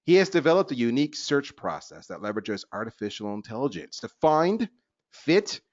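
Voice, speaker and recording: Lively, chatty man hosting a webinar. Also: mid-range voice, fairly quick, no echo. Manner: lively, chatty and self-deprecating. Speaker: webinar host. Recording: dull lo-fi webinar audio.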